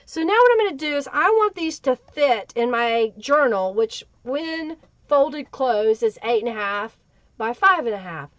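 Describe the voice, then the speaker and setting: A woman's voice: sits high, animated, measured pace, no echo. A woman hosting a live crafting tutorial, chatting away and greeting viewers in the chat by name. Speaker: crafting livestream host. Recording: dull lo-fi livestream audio.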